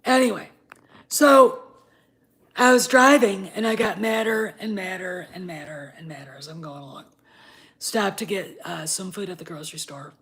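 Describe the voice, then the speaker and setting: A woman in her fifties vents in a casual, swear-filled vlog rant while drinking wine. Her voice sits mid-range for a woman and keeps jumping from near-whispered grumbles to loud shouting. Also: mid-range voice, moderate pace. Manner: profane, heated, swings from muttering to shouting. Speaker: vlogger.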